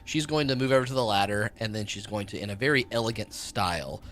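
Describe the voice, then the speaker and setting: A man narrating as game master of a tabletop game, relaxed and descriptive with plenty of fillers. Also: lowish voice, fast.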